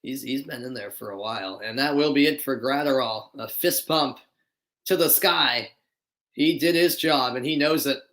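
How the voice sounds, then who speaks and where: A man's voice: medium pitch, moderate pace, fairly bright tone. A man from Boston doing live play-by-play commentary, chatting with viewers between plays. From Boston, USA. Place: dimly lit room at home.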